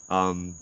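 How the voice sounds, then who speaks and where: A man's voice: sharp tone, low-quality recording. A man with a Hawaiian Pidgin accent, a ghost tour guide telling a ghost story in a laid-back, rambling way. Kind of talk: casual spoken ghost story.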